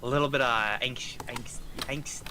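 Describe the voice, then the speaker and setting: A man's voice: mid-range voice, steady tone, measured pace, a crowd in the background. A man joining a live stream as the host's friend, teasing her and joking in casual banter with many restarts. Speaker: friend on call.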